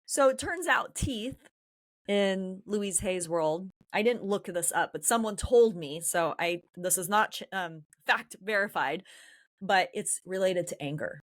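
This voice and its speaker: A woman's voice: medium pitch, animated, unhurried. A woman from San Diego hosting a podcast, talking through her feelings in a candid, introspective personal monologue. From San Diego, California. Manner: candid, introspective, emotionally open. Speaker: podcast host.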